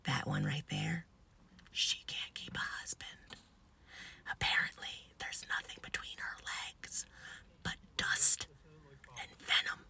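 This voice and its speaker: A woman voicing a sharp-tongued, sassy old woman in a wheelchair who often drops to a hushed gossiping whisper. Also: deep voice, measured pace, creaky, full character voice.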